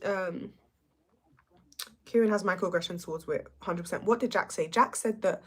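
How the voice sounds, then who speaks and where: A woman's voice: lowish voice, moderate pace, pauses often, slightly rough. A young woman hosting a livestream, ranting sassily about a reality show. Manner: animated, sassy, ranting. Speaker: livestream host. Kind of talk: reality show reaction rant.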